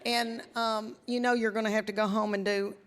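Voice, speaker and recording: A Southern woman in her fifties tells stories on stage in a chatty, drawling, folksy way. Her voice sits a little high for a woman. The live recording carries clear background noise. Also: level tone, normal speed. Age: 50s. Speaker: stand-up comedian. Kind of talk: stand-up comedy. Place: live comedy venue with audience.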